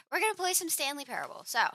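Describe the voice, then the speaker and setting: Bright-voiced woman streamer chatting. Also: high-pitched, sing-song, brisk, dry recording. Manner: chatty, scolds and coos at her cat. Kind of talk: casual live-stream chat. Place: home room.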